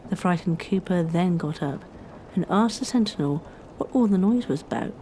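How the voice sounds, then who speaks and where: A woman narrating a historical story in a measured, scripted storytelling style. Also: fairly low pitch, lively intonation, warm tone, slight background noise.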